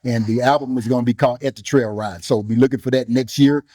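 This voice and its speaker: A man in an interview speaks with grief about his loss, earnest and preacherly, repeating himself as he searches for words. His voice is warm and mellow, and the sound is dry and close. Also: mid-range voice, fairly even intonation, dry recording. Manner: earnest, preacherly, with pauses and repetitions. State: grieving. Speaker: guest musician and bishop. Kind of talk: emotional interview talk.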